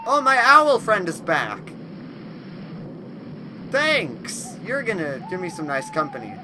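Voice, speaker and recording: A man playing a horror game on video, who talks to it and shouts at the monsters in a high voice that leaps all over the place. He mostly speaks slowly and draws out his words. A steady noise sits under the recording. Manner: loud, excitable, yelling insults at game monsters. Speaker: gaming video host. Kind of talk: let's play commentary.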